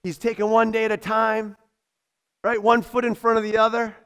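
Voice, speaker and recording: A middle-aged man preaching a sermon in a church, animated, often laughing and acting out other people's voices. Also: high-pitched, moderate pace, smooth. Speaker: pastor.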